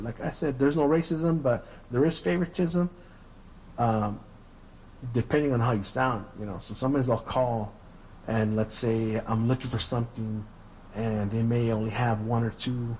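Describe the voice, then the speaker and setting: A man's voice: medium pitch, normal speed, a little mellow, a little hiss or hum, rough recording. Laid-back profane storyteller guy. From Southern California. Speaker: podcast host. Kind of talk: casual storytelling.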